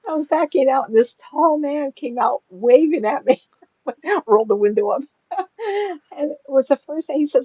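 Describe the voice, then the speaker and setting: A woman's voice: medium pitch, moderate pace, dark tone, husky, no room sound. Older woman telling a chatty story, dull sound. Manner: chatty, laughs often, acts out quoted voices. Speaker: psychic medium guest. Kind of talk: casual storytelling. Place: home.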